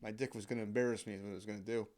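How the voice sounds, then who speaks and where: A man's voice: lowish voice, steady tone, very fast, a little mellow. A man hosting a podcast, telling a comic personal story in a profane, self-mocking, rambling way. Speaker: podcast host.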